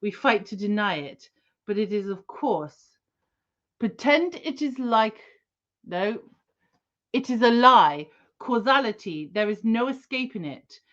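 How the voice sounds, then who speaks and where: A woman's voice: mid-range voice, animated, takes it slowly, a bit bright. Woman as a smug french-ish male info broker, lofty lecturing tone, lo-fi podcast sound.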